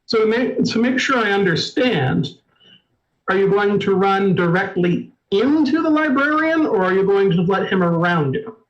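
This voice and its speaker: A man narrating a tabletop game as storyteller, in a measured, descriptive way. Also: high voice, expressive, dull audio. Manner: measured, descriptive, apologetic asides.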